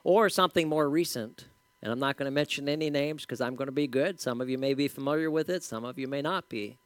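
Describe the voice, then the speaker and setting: A pastor preaching a sermon in a conversational, storytelling way with casual asides. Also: male voice, mid-range voice, quick pace, a bit bright, clean tone, dry recording.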